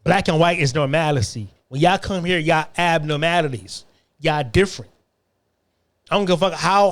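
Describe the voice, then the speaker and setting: A man's voice: high voice, a bit bright, no echo. Profane ranting man, dry close sound. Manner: profane, confrontational, repetitive. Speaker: podcast host. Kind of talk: ranting monologue.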